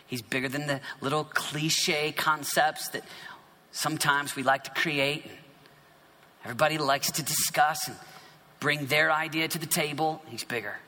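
A man's voice: a little high, unhurried, pushed and bright. A man preaching a sermon, reading scripture dramatically with playful asides and sudden drops to a whisper. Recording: echoey hall reverb.

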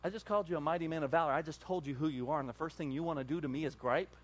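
Animated man preaching a sermon. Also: fairly high pitch, very fast. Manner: animated preaching with rhetorical questions. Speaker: pastor.

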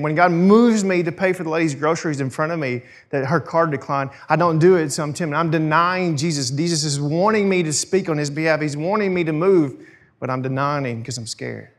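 A man preaching a sermon in a casual, storytelling way. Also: fairly high pitch. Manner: conversational storytelling, animated. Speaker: pastor.

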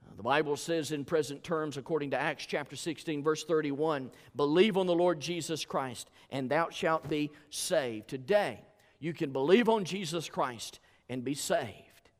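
A man with a Southern US accent preaching a sermon as pastor, with rhythmic delivery that swells into loud climaxes. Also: a little high, unhurried, in a large hall.

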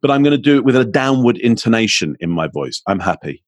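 A man with a slightly husky, breathy voice speaks as an expert guest in an interview. He explains his points patiently, now and then acting out a phrase to show a change of tone. The sound is dry and close. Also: mid-range voice, big pitch swings, quick pace, no echo. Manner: explanatory, demonstrates intonation with his voice. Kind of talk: podcast interview.

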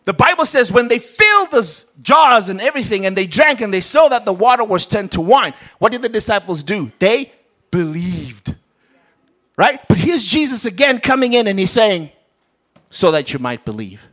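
A man's voice: high-pitched, lively intonation, normal speed, a bit bright. A man preaching a sermon with a British accent, acting out the Bible characters as he goes. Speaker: pastor.

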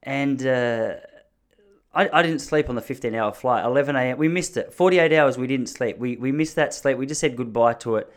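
A man's voice: mid-range voice, normal speed. A man in his thirties telling rambling, joking stories in a casual monologue, often mocking himself.

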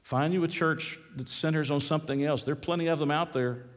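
A male pastor preaching an impassioned sermon, telling a story dramatically with big swings in pitch and loudness. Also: fairly even intonation, a little fast, long reverb tail. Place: church.

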